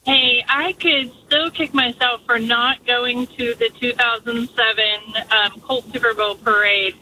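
Woman caller from Indiana, bright and eager, faint line noise. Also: fairly high pitch, steady tone, measured pace, poor audio. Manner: enthusiastic, chatty with fillers. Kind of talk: call-in radio chat.

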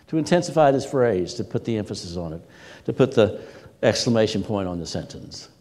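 A man's voice: mid-range voice, fairly quick, warm tone. A man preaching a sermon as a pastor, telling stories with energy and repeating words for emphasis. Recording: long hall reverb.

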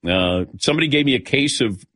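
A man's voice: mid-range voice, lively intonation, quick pace, fairly bright tone, breathy edge, no room sound. An older man hosting a casual sports talk show, telling long stories and calling on his co-hosts by name. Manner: storytelling, calls on co-hosts by name. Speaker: host. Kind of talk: casual chat.

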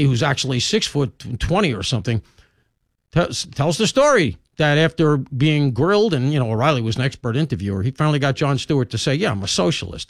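A man hosting a talk radio show, delivering an animated, opinionated monologue with conversational asides. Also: medium pitch, no room sound, studio quality. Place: radio studio.

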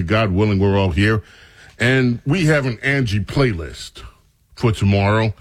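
A man's voice: mid-range voice, no room sound, studio quality. A man hosting a talk radio show, mocking and opinionated, who stretches out his words. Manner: mocking, animated, drawn-out words.

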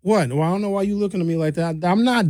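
A man's voice: quick pace, a little mellow, no room sound. A man from Milwaukee hosting a radio show, rambling and joking in casual studio chat. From Milwaukee, United States. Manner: rambling, joking, swings pitch for effect.

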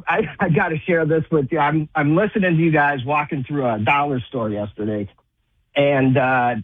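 Cheery male caller, mid pitch, phone-line sound. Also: no room sound. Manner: upbeat and chatty. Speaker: radio caller.

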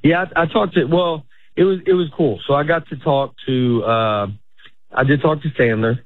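A man's voice: on the high side, normal speed, no echo. Man, middle-aged comedian, loose rambling chat, thin phone-like sound, very dry. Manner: rambling, self-interrupting, laughs often. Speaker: stand-up comedian guest. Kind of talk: casual interview chat.

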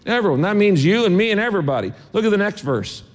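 A man with a high-pitched voice preaches a sermon, hammering his points home through repetition and slipping in dry asides. His voice rings out with the long reverb of a large church auditorium. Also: sing-song, fast talker. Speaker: pastor.

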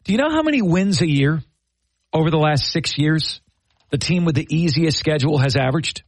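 A man's voice: a little high, lively intonation, fairly quick, dry recording. A man hosting sports talk radio, building his points with rhetorical questions. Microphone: studio microphone.

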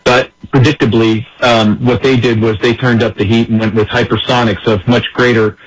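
A man's voice: mid-range voice, flat delivery, moderate pace, husky, low-quality recording. A man giving emphatic political commentary in an interview, acting out the words of others as he explains. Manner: emphatic, acts out quoted speech.

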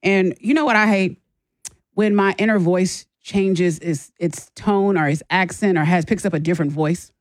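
A woman's voice: fairly low pitch, steady tone, no echo, studio quality. A woman co-hosting a morning radio show, talking casually in a chatty, rambling way. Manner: chatty, rambling, quick to laugh off her own ideas.

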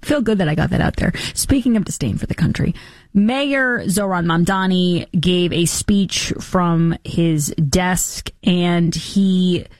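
A woman's voice: on the low side, slow pace, a little mellow. Sarcastic woman commentator. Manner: sarcastic, mocking impressions. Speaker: political commentary host. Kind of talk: opinionated political commentary.

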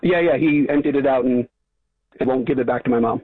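A man's voice: medium pitch, fairly quick, husky, no room sound. A man calling in to a radio talk show by phone, talking hesitantly with many fillers and restarts. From Long Island. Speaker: caller. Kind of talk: phone-in call. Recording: tinny phone line.

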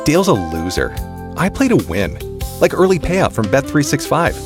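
A man reading a scripted commercial in a wry, deadpan way. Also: medium pitch, moderate pace, over music. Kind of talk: scripted ad read.

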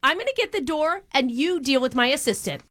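A woman's voice: high-pitched, animated, fairly bright tone, pitched below the performer's own voice. A woman radio host playing an entitled customer who pushes and complains on a prank phone call. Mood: indignant. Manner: huffy, pushy, drawn-out demands. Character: entitled, indignant female restaurant complainer.

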